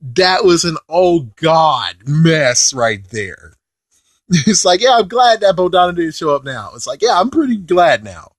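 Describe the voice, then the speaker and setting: A man giving a casual, rambling review of a show, excitable, with mild swearing and filler phrases. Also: high voice, a little slow, dry recording, clean studio sound. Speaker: video reviewer.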